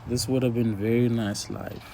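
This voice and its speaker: A man's voice: medium pitch, steady tone, normal speed, creaky, warm tone, slight background noise. A laid-back man casually commenting on his forex trades while sharing his screen, talking half to himself as he watches the charts.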